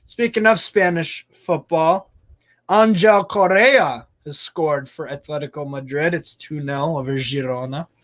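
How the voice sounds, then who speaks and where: A man hosting a casual live football stream. He reads out viewer comments in a chatty, excitable way, swears casually and laughs often. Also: fairly high pitch, unhurried, no echo, studio quality. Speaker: live stream host reading fan chat.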